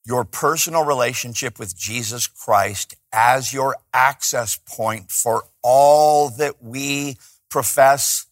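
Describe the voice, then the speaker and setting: A man preaching a sermon, swinging from loud emphatic peaks to hushed asides. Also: mid-range voice, dry recording, studio quality. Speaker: pastor.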